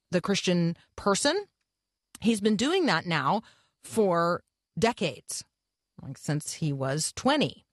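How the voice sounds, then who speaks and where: A woman hosting a morning radio show, speaking in an earnest, reflective way with filler pauses. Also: on the low side, no echo, clean studio sound. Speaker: radio host. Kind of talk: devotional radio talk.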